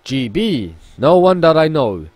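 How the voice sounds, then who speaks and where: A man's voice: fairly high pitch, very animated, a little slow, darkish tone, no echo. A man putting on a pompous merchant with a fake Italian accent. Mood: grandiose. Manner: theatrical, refers to himself in third person, stumbles on the accent.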